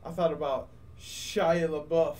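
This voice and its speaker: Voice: mid-range voice, level tone, unhurried, darkish tone. A co-host chatting casually on a podcast, playful and laughing often. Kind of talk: casual chat. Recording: distant mic with faint background noise.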